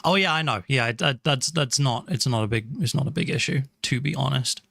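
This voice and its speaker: A man from England with an English accent chats casually with viewers on a live stream from a small room at home, thanking people by name, apologizing often and restarting sentences. His medium-pitched voice is a little fast, creaky and a bit bright, in studio quality with no room sound.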